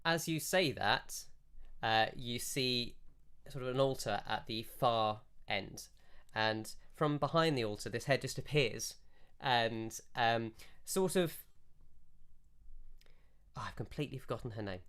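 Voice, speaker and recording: A man running a tabletop game as game master. His voice is smooth and clear, and his narration rambles along at an easy pace. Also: mid-range voice, animated, unhurried, fairly bright tone.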